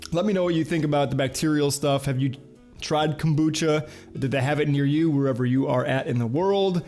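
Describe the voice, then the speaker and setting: A man's voice: on the high side, fairly quick, darkish tone, soft background music. A man hosting a casual video show, reading headlines and chatting with lots of filler uhs. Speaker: host.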